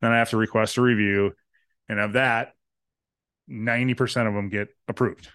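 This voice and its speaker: A man's voice: on the low side, steady tone, normal speed, fairly bright tone, clean tone, no room sound. A man co-hosting a podcast, trading crude jokes and swearing freely in casual banter. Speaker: podcast co-host.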